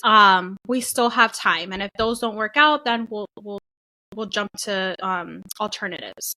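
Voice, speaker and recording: Telling her birth story in casual podcast chat, a young co-host speaks at a measured pace with a medium-pitched voice. She's an animated storyteller who performs the quotes of the people involved.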